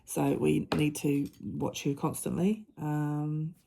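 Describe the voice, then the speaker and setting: A middle-aged woman with a low, mellow voice shares a personal story in an unscripted vlog chat. She speaks earnestly, stops and restarts her sentences often, and keeps a relaxed, conversational flow. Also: gravelly. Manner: earnest, halting, with many restarts. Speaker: mother and diamond-painting vlogger.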